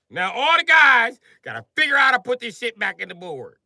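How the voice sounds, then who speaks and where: A man ranting on a comedic live stream, loud, profane and animated, often breaking into shouts. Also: very high-pitched, brisk, creaky, hardly any pauses, dry recording.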